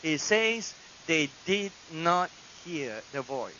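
A male pastor preaching a sermon in a church, swinging dramatically between loud proclamations and hushed asides. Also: fairly high pitch, big pitch swings, slow. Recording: dull lo-fi archive recording with hiss.

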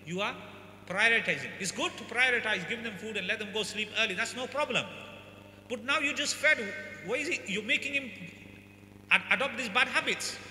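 Bright-voiced man preaching in an echoey hall. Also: extremely high pitch, fairly quick. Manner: emphatic, repeats points, acts out parents and children. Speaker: Islamic scholar giving a talk. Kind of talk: sermon. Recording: echoey hall with faint hum.

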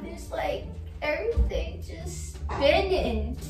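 A woman's voice: very high voice, animated. Young vlogger girlfriend, faint and tearful; echoey, distant take with music under it. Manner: weak, halting, tearful. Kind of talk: casual prank vlog. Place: home bathroom. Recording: roomy, distant, music over it.

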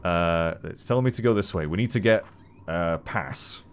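A man giving chatty, animated gameplay commentary as a let's play host, swearing casually. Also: deep voice, normal speed, a little hiss or hum.

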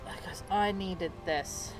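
A woman's voice: medium pitch, slow, music in the background. A woman commenting on her game playthrough, emotional and swearing often. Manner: emotional, swearing, laughing asides. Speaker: gamer streaming a playthrough. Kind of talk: let's play commentary.

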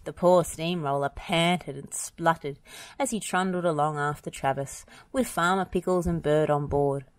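A woman reading a children's picture book aloud, gentle and expressive. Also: low-pitched, moderate pace. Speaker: storybook reader. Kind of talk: children's read-aloud narration.

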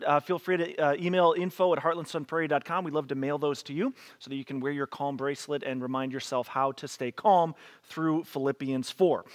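A pastor delivers a relaxed online sermon in a slightly high voice. He talks in a chatty, joking way and laughs between readings. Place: church, streamed online.

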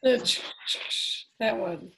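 A woman's voice: fairly high pitch, a little slow, creaky, fairly bright tone. A woman chatting on a video call wine class, laughing easily. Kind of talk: casual chat on a video call.

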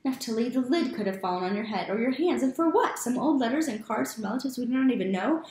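A firm, measured mother figure from a storybook who scolds gently but means it, as a woman reads her aloud. The voice has a gravelly edge and sits in an echoey room. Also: a little high, lively intonation, voice pushed up. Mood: scolding. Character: stern but loving grandmotherly woman.

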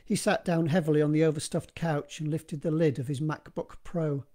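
A man narrating his own horror story in a steady, measured reading, recorded in one live take. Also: on the high side.

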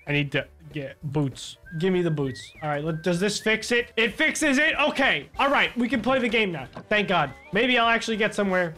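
Young guy yelling and grumbling through a gameplay video, pretty high voice, soft music under it. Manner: excitable, loud swings between outbursts and mutters; complains in a joking way. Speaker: gaming YouTuber. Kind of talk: let's play commentary.

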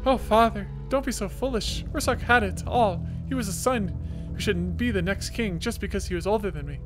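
A man voicing a scheming, treacherous young furbolg prince in a game, with a high strained whine. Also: fairly quick, lightly acted. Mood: spiteful. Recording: game music behind.

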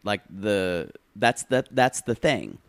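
A man's voice: fairly low pitch, sing-song, slow pace, gravelly, no echo. A man co-hosting a podcast in casual chat, wry and teasing, reading out quotes with relish. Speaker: podcast co-host.

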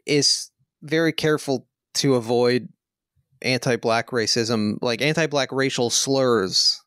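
A man's voice: mid-range voice, slow, fairly bright tone, clear, resonant tone, dry recording, studio quality. A man hosting a film podcast, talking in a wry, rambling, jokey way. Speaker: podcast host. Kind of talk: casual film podcast chat.

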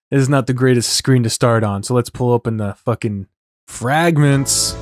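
A man's voice: medium pitch, unhurried, no echo, faint music behind. A man hosting a let's play, reading a visual novel aloud and commenting casually, swearing a lot in a laid-back, rambling way.

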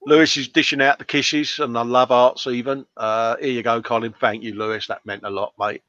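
Bright, chatty man reading chat. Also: mid-range voice, flat delivery, fairly quick, no echo, muffled recording. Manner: chatty, reads viewer comments aloud in a jokey tone. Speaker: livestream co-host reading chat. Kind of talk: casual chat. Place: home workshop.

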